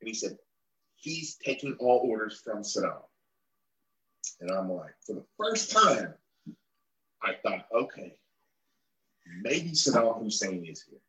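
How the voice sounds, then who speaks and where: A man's voice: fairly low pitch, sing-song, takes it slowly, pauses often, pushed and bright, echoey room, poor audio. A middle-aged man, a guest in an interview, telling a long story and acting out the people he quotes.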